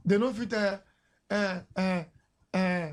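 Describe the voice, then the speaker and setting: Nigerian pidgin radio guy, high voice, chatty storyteller, laughs a lot. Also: fairly even intonation, slow. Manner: chatty, laughs through his story, mixes pidgin and English. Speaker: radio host. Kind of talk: casual storytelling on air. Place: radio studio. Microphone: studio mic.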